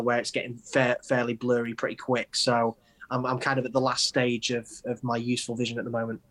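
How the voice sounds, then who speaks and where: A man in his forties with an English accent, a poet answering interview questions in a halting, earnest way with many restarts. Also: medium pitch, fairly bright tone. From England. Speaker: guest, poet. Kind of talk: conversational interview.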